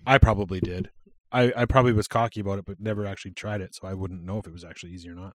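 A man's voice: deep voice, steady tone, racing, no room sound, clean studio sound. A man co-hosting a casual podcast, telling rambling stories with easy laughter. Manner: laid-back, rambling storytelling with laughs. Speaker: podcast co-host. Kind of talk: casual chat.

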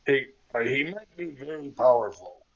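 A man's voice: mid-range voice, lively intonation, normal speed, creaky, muffled recording. A man playing a tabletop game, chiming in with brief casual remarks. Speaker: player.

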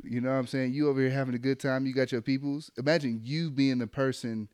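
A man telling a story in casual chat, animated and profane, acting out the voices of people he quotes. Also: mid-range voice, fast, few pauses, clear, resonant tone, no room sound, studio quality. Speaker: podcast co-host telling a story.

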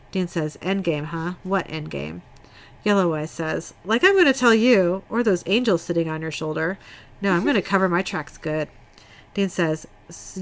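A woman co-hosting a podcast, reading scene dialogue from her notes in a casual recap. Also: on the low side. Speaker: podcast host recapping an episode.

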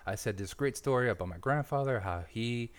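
A man hosting a casual podcast interview, an animated storyteller who swears freely and laughs often. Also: medium pitch, a little fast, smooth. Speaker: podcast host and firefighter.

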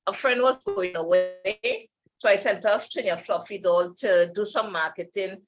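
A woman's voice: mid-range voice, moderate pace, poor audio. A woman talks as a podcast guest, easy and meandering. She drifts from one thought to the next and laughs often. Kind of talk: casual interview chat.

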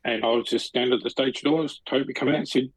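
Talking at a quick pace with fairly even intonation, this middle-aged co-host has a mid-range voice. His casual podcast chat is chatty storytelling that keeps restarting as it rambles. The recording is dry and rough.

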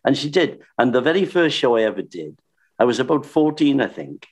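An older man, a singer and entertainer, reminiscing in casual chat with animated, laughing anecdotes. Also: mid-range voice, fairly quick. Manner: anecdotal, animated, laughs while telling stories.

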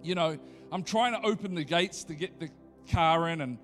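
A man preaching a sermon, building from conversational storytelling to excited, repetitive preaching. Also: a little high, moderate pace, music in the background. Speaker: pastor.

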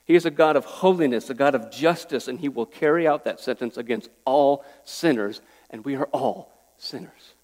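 A man's voice: mid-range voice, normal speed, few pauses, a little mellow. A pastor preaching an earnest, pleading sermon, a man who often restarts his words. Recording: echoey hall with long reverb.

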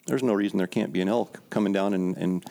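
Laid-back guest, lowish gravelly voice, casual storyteller. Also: male voice, fairly even intonation, fast talker, mellow. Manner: laid-back, laughs often.

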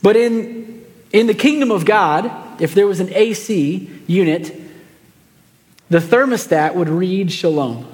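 A pastor, preaching a sermon in a relaxed, conversational way, telling a family story with lots of fillers and restarts. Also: male voice, sits high, slow, long reverb tail.

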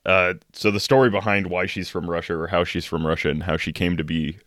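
Man, podcast co-host, very low voice, dry close sound, laid-back and halting. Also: fairly even intonation, a bit bright, no echo. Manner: hesitant, filler-heavy, laid-back. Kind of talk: casual podcast chat. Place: home room.

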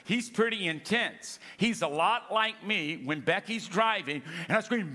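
A man's voice: sits high, lively intonation, unhurried, hardly any pauses, bright, forceful tone. A man preaching a sermon as pastor, emphatic, often calling for the congregation to answer back. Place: church sanctuary. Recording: long reverb of a large hall.

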